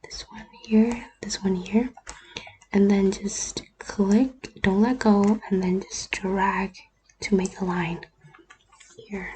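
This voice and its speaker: Soft-spoken woman not native to english, walking thru an editing tutorial, warm low-key voice, kinda half whispering. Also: fairly even intonation, slow, a little hiss or hum. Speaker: YouTuber. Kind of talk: screen-recorded editing tutorial. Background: faint keyboard and mouse clicks.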